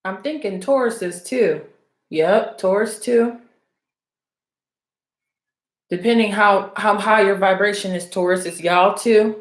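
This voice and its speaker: Woman, blunt and teasing, casual rambling talk, mid pitch, roomy echo. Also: unhurried. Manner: blunt, profane, teasing, calls out her audience. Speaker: spiritual reader addressing viewers. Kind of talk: casual rambling monologue to camera. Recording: roomy, echoey room sound.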